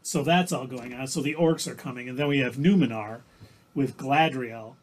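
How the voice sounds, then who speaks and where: Husky male streamer, average pitch, rambling and self-correcting as he recaps the week's shows. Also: moderate pace. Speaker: livestream co-host. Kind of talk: casual recap of TV episodes.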